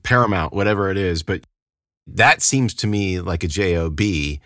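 A man's voice: sits low, moderate pace, a bit bright, no echo, studio quality. A man co-hosting a podcast in casual, emphatic conversation, often restarting his phrases. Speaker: podcast co-host. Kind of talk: casual chat.

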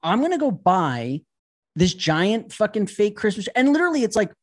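A man whose voice sits high, speaking at normal speed, goes over reality TV on a podcast in a casual way. Lots of swearing, lots of energy, and he performs the people he retells.

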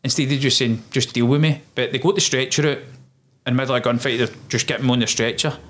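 A man in his thirties recounts a combat story in a relaxed interview. He talks in a lively, storytelling way and voices the people he quotes. His voice sits at a middle pitch for a man. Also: fast talker. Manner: animated storyteller, acts out quoted dialogue, swears. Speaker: guest, former soldier.

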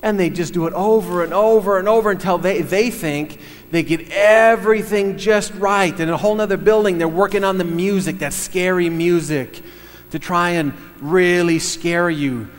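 Middle-aged man preaching in a reverberant hall. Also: high voice. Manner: halting, full of fillers and restarts. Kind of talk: sermon storytelling.

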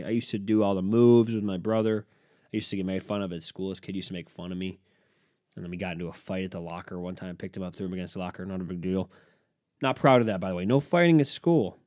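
Guy ranting on his podcast, swears a ton, lowish voice, dry sound. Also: a little mellow, no echo. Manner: sarcastic, swears often, reacts to headlines. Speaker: podcast host. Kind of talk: profane solo podcast rant.

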